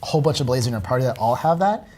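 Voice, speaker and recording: A man giving relaxed, halting commentary while demonstrating a video game, with many fillers. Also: mid-range voice. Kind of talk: casual gameplay commentary. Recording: faint game music behind.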